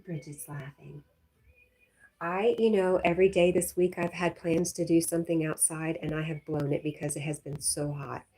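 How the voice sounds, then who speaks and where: A woman from Connecticut, USA, hosts a casual livestream in a deep, warm voice. She chats, laughs a lot, and reads viewers' comments out loud.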